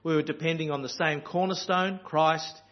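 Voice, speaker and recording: A man's voice: a little high, fairly even intonation, moderate pace, muffled recording. A man from Australia with an Australian accent, preaching a sermon in an earnest, storytelling way with frequent ums and uhs.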